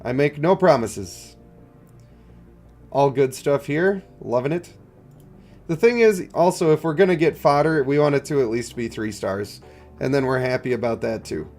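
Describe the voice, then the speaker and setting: A man streams a game and chats in a relaxed, low-key way while he answers viewers. He sounds stuffed up, his voice sits at an ordinary middle pitch, and faint music plays under him. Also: normal speed. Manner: chatty, low-key, reading and answering chat. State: congested, stuffed up. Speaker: gaming streamer. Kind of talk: casual live-stream chat.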